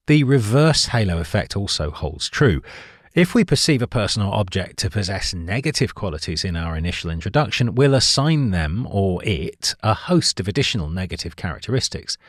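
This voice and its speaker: Lively low-voiced male book narrator. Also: dry recording, studio quality. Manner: clear, measured delivery with emphatic rises on signpost words. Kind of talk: scripted narration of a book summary.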